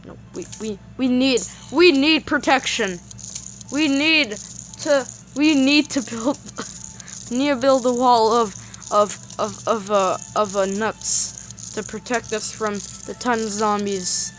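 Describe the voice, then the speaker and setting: An excitable woman chats casually through a game, her pace unhurried and drawn out. When things go wrong she rambles, stumbles over words and repeats herself before easing back into chatter. Her pitch is fairly high, and faint music plays behind her.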